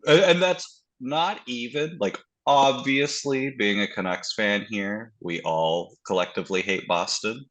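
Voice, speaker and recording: A man from Canada chatting as a podcast guest, swearing a lot and animated, often mocking others in put-on voices. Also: on the low side, measured pace. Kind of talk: casual podcast chat.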